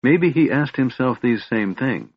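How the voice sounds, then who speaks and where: A man narrating a fantasy audiobook in a steady, even storytelling manner. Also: medium pitch, unhurried, breathy edge, no echo. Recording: dull dry recording.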